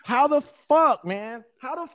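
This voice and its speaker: High-voiced man laughing to tears. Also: animated, slow pace, a bit bright. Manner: profane, breathless exclamations. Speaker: co-host. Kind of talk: casual reaction chat.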